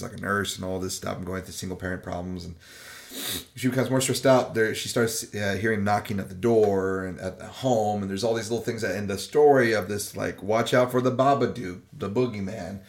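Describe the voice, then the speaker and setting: Laid-back low-voiced young man. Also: a little fast, vocal fry. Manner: laid-back, rambling with fillers. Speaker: podcast co-host. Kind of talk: casual chat, summarizing a film.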